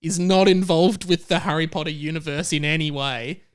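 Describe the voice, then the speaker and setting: A man's voice: a little high, level tone, moderate pace, clear, resonant tone. A man hosting a comedy podcast, chipping in dry, explanatory asides and chuckling. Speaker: podcast host.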